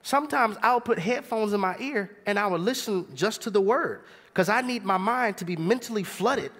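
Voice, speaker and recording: A young adult man preaching a sermon in an animated, conversational way, throwing rhetorical questions at the congregation. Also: high-pitched, normal speed.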